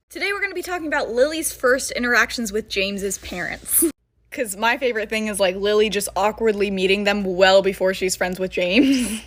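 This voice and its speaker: A young woman with a somewhat high voice tells a story in a loose, chatty way. She fills her talk with casual fillers and laughs between points. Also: fairly bright tone. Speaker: fan video creator.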